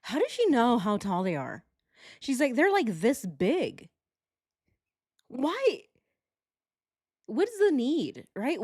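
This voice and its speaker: A woman's voice: on the high side, darkish tone, dry recording, studio quality. A woman hosting a true crime reaction, talking casually and sarcastically, mocking what she hears. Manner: sarcastic, mocking mimicry with laughs.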